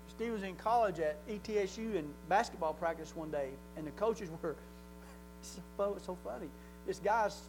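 A man with a drawl preaching from the pulpit in a church. He talks plainly and folksily, then builds to loud, fervent points. A faint electrical hum sits under his voice. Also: high-pitched, poor audio. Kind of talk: sermon.

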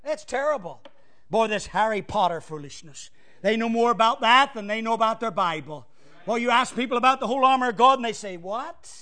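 A male pastor preaching a fiery sermon, swinging from loud cries to hushed asides. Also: very high-pitched, lively intonation, fairly quick.

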